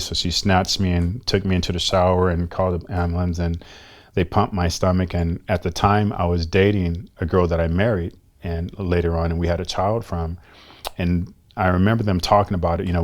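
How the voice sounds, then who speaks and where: A man in his fifties, a guest telling a personal story in an interview in a soft-spoken, reflective and earnest way. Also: deep voice, level tone, brisk. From United States. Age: 50s.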